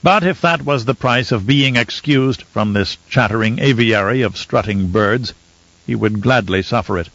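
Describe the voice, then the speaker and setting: A man narrating a novel in a measured storytelling manner. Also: mid-range voice, a bit bright, no room sound. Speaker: audiobook narrator. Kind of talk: scripted audiobook narration. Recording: slightly muffled dry recording.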